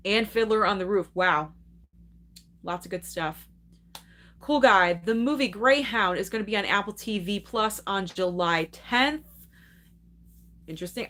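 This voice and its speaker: A woman's voice: medium pitch, a bit bright. A young adult woman hosting a live movie stream, chatting casually and enthusiastically while reading and answering viewer comments, laughing often.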